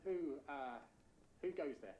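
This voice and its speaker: A woman's voice: rumbling low, animated, measured pace, a little mellow, reverberant, dull audio, a little hiss or hum, pitched below the performer's own voice. A woman voicing an evasive, nervous middle-aged male shopkeeper in a game, mumbling and hesitant.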